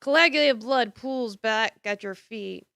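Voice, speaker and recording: A woman streamer reading a horror visual novel aloud in a theatrical way, swinging between hushed and emphatic lines. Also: fairly high pitch, slow, vocal fry, dry recording, clean studio sound.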